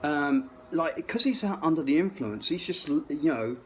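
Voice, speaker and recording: A man's voice: on the high side, lively intonation, moderate pace, slight background noise. A middle-aged man telling a rambling, profane story, full of restarts. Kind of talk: rambling anecdote.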